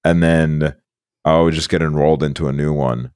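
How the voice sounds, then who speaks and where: A young man co-hosting a podcast in a very low, deep voice. He talks in a relaxed way, mulling things over and swearing often. The recording is dry and close. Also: clean tone, dry recording. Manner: laid-back, profane, drawn-out musing. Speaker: podcast co-host. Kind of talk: casual chat.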